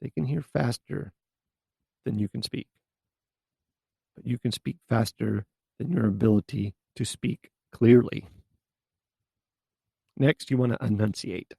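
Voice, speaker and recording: A man's voice: medium pitch, unhurried, gravelly, pauses often, dark tone, slightly rough, no echo. A man hosting a solo advice podcast, talking bluntly and casually with mild swearing. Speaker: podcast host and coach.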